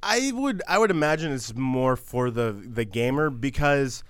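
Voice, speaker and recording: A man co-hosting a casual podcast talks in loose, rambling bursts, full of fillers and restarts. His voice is smooth and resonant. The sound is dry and close, with no room around it. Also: mid-range voice, animated, measured pace, a bit bright, no room sound. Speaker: podcast co-host.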